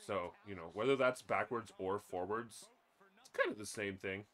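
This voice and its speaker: A man's voice: fairly low pitch, normal speed, fairly bright tone. Rambling, crude man in casual banter. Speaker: podcast co-host.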